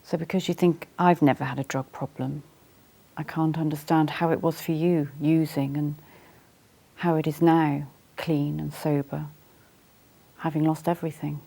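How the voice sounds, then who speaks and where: Counsellor for a role-play: calm, unhurried, reflective; gravelly, mid-pitched voice. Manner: calm, slow, reflective, gentle questioning.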